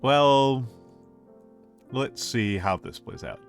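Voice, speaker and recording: A man streaming as a VTuber, chatting casually with his live viewers in a rambling, gently playful way, often repeating his own phrases. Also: mid-range voice, takes it slowly, faint music behind.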